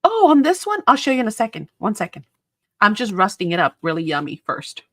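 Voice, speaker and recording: A woman hosting a live crafting demonstration, chatty and excitable, often breaking into laughter. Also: medium pitch, fairly quick, dry recording, studio quality. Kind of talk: live crafting demo chat.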